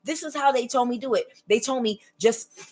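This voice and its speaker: A woman's voice: on the high side, moderate pace, a little mellow, pitched above the performer's own voice, lightly acted. A woman voicing her devout mother, who speaks urgently and insistently about her prayers.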